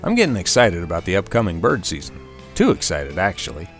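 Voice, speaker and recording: Lively low-voiced male radio host. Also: fairly quick, soft background music. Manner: wry, self-deprecating. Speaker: radio outdoors segment host. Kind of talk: scripted radio commentary.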